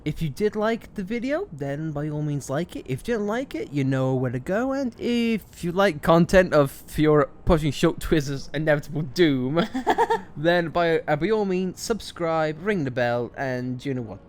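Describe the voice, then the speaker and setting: Animated, excitable man doing game commentary. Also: a little high, normal speed, slight background noise. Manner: excitable, jokey, laughs often. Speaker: let's play host. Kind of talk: gameplay commentary.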